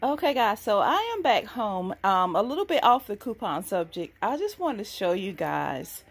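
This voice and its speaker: A woman chatting excitedly to her viewers in a casual vlog, at times speaking from farther off the mic. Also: medium pitch, moderate pace, breathy edge. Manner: excitable, addresses viewers as y'all. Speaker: couponing vlogger. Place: inside a store, then at home.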